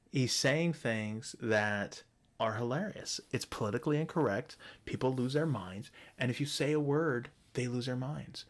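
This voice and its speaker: A man hosting a solo show, ranting bluntly and profanely, often restarting his sentences. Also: mid-range voice. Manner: frequent restarts and stumbles. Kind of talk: solo opinion rant.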